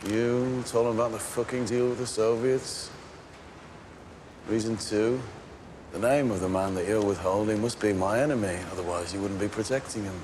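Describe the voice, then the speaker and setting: An actor playing a cold, controlled gang boss, speaking in a measured, clipped, quietly threatening way. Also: male voice, fairly low pitch, fairly even intonation, lightly acted. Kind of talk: television drama acting. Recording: noticeable background hiss.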